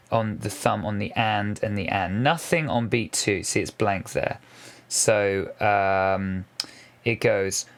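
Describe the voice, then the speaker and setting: A man giving a casual, patient piano lesson, counting beats aloud as he explains the fingering. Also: fairly low pitch. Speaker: piano teacher. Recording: piano music loud under voice. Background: piano playing.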